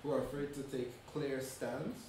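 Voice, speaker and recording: A man's voice: mid-range voice, little pitch movement, normal speed, a little mellow, a little hiss or hum. A man from Nigeria who is a writer, speaking thoughtfully with many hesitations on a live panel. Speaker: writer and playwright. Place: museum event space. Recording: echoey room, far from the mic.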